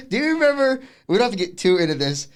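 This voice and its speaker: A man in his twenties co-hosting a podcast, retelling a bar story in animated casual chat with frequent laughs. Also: sits high, clear, resonant tone. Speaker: podcast co-host.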